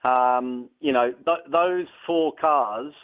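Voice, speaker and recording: A man speaking as a guest on a radio show by phone, measured and polite as he explains. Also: medium pitch. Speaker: guest expert. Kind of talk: radio interview over the phone. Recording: tinny phone line.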